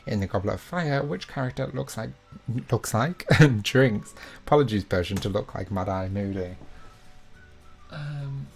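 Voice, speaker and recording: A man's voice: lowish voice, animated, measured pace, creaky, soft background music. A young man hosting a live online quiz, reading each question twice and filling the gaps with chatty, self-mocking asides. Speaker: quiz host.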